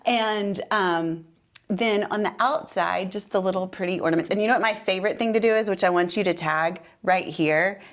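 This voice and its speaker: Woman co-host, mid-pitch, easygoing home chat that wanders through asides. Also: a little fast. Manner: chatty, rambling, with frequent asides. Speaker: podcast co-host. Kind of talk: casual chat. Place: room in her home.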